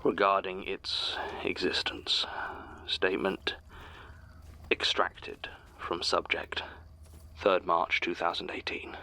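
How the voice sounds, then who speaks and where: Gravelly weary archivist for an audio drama, deep and monotone. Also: male voice, slow, in a whisper, heavily acted. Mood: solemn. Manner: low, level, dry delivery. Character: weary male archivist, tense and guarded. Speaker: archivist reading statements.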